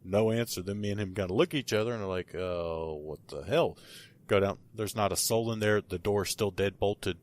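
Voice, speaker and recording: A man with a lowish voice tells a story in loose, casual podcast talk. He rambles and restarts often, piling on fillers as he goes. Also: steady tone, fast, few pauses. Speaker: paranormal investigator guest.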